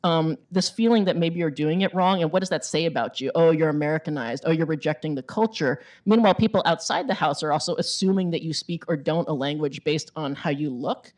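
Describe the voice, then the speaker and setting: Speaking briskly with few pauses, a middle-aged author addresses a bookstore audience in a low, slightly mellow voice. Her talk is chatty, packed with fillers and emphatic repetition, in a bookstore event space.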